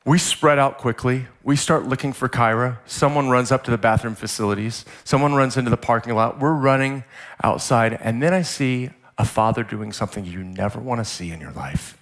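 A man preaching a sermon as a guest pastor, telling a story in a vivid, animated way. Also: medium pitch, fairly quick. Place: church service.

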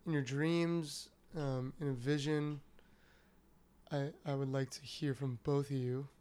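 A man's voice: mid-range voice, little pitch movement, a little slow, a little mellow, clean tone. A man co-hosting a casual podcast, asking hesitant, searching questions. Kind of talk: casual discussion.

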